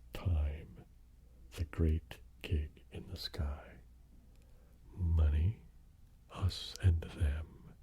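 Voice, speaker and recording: A soft-spoken ASMR man with an extremely deep voice and a very dark, mellow tone. He drifts in and out of whispers and reads lists slowly, rambling gently as he goes. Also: slight background noise. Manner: relaxed, rambling, slowly reading track lists. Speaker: ASMR host.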